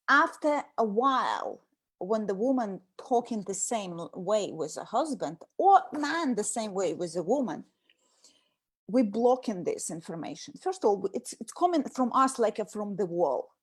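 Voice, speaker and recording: High-voiced woman, animated chat, acts out nagging bits. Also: unhurried, husky. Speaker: host. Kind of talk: casual talk on communication.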